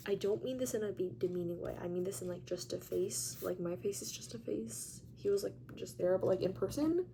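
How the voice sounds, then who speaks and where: A young woman telling a story in a casual vlog, chatty and animated, with lots of "like" and free swearing. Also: mid-range voice, creaky, noisy background. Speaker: vlogger.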